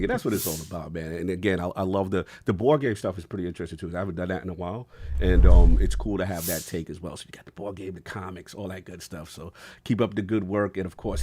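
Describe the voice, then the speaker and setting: Male podcast host, low-ish voice, energetic slangy banter, faint noise. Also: fast talker. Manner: hyped, slangy, laughs a lot. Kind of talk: casual gaming podcast chat.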